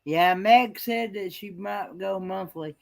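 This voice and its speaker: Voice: medium pitch, slow pace, creaky. A live-stream host chatting casually, greeting viewers by name with many hesitant fillers.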